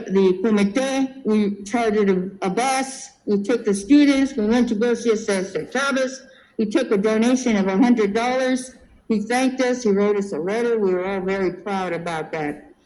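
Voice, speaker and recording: A woman in her seventies from California, recalling her school years in a lively storytelling way and acting out the people she quotes. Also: a little high, a little hiss or hum, rough recording. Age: 70s. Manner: lively storyteller who acts out quoted voices. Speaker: interviewee. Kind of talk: oral history recollection.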